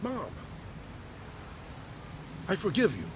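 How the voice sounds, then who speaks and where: A man's voice: sits high, wildly swooping pitch, slow, background noise. A man speaking a heartfelt open letter on his podcast, reflective and earnest, sometimes restarting his sentences. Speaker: podcast host writing to his birth mother. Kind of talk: personal open-letter monologue.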